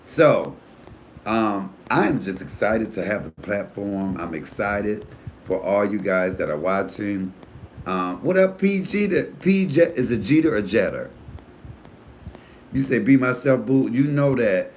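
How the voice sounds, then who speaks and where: A man who is a comedian hosting his own live stream, chatting casually and frankly, with animated storytelling and cussing. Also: measured pace, slight background noise. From United States. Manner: animated storytelling, voice jumping high for quoted friends; profanity-laced, frank. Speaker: comedian and YouTube host.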